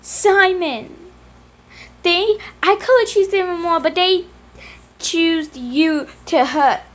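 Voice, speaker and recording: A woman voicing a protective young dinosaur brother who speaks in high, urgent pleas. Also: slow. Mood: pleading.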